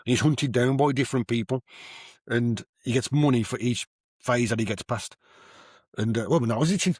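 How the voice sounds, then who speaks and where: A man's voice: mid-range voice, a little fast, husky, no room sound, studio quality. A man hosting a podcast, chatting casually about old films with rambling restarts and asides. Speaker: podcast host. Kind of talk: casual film chat.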